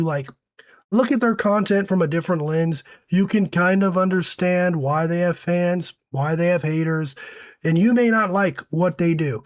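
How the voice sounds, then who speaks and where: Hoarse man giving casual commentary. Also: on the high side, no room sound. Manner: conversational, uses fillers like "right?". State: hoarse, recovering from illness. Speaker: commentary host.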